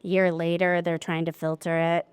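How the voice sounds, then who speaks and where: A woman presenting a live technical seminar to an audience. She talks in a chatty, lively way and acts out quotes from her clients. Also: on the low side, normal speed, clean tone. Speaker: wine lab specialist presenting a seminar.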